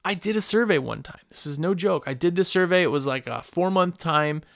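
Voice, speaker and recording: A man's voice: a little high, expressive, brisk, creaky, fairly bright tone. Chatty man giving business advice. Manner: rambling, chatty, acts out customer calls. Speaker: podcast host for window cleaners. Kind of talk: casual business advice monologue. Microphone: microphone at a computer.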